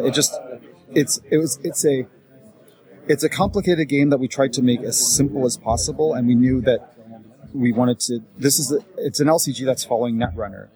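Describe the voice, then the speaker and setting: A man being interviewed as a game designer, talking in a relaxed, self-deprecating way with many restarts. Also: mid-range voice, brisk, rough recording. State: jet-lagged. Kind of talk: casual interview chat.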